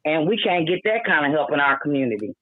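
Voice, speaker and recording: A woman's voice: low voice, sing-song, fast talker, dry recording. A woman with a Milwaukee accent calls in to a radio show and speaks earnestly, pleading and plainly frustrated. She comes through a thin, tinny phone line with a dry, close sound. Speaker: caller.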